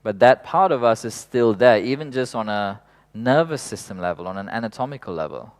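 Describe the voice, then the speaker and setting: A man leading a workshop in an unhurried, reflective way, laughing softly now and then and swearing casually. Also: fairly low pitch, animated. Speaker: workshop facilitator.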